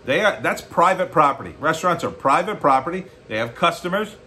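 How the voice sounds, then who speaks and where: A man's voice: a little high, expressive, a little fast, bright, forceful tone. Blunt sarcastic American man ranting. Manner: blunt, sarcastic, rising to mocking outbursts. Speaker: political commentary host. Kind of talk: opinionated solo commentary.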